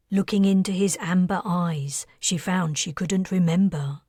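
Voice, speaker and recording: A woman narrating her audiobook in a measured, hushed way. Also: lowish voice, slightly rough, no echo, clean studio sound. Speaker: author narrating.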